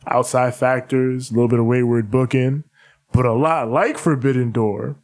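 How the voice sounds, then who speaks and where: A man co-hosting a casual chat podcast in an ordinary mid-range voice. He talks in measured, articulate stretches and laughs easily with his co-host. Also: mid-range voice, steady tone, darkish tone. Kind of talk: casual chat, analytical recap.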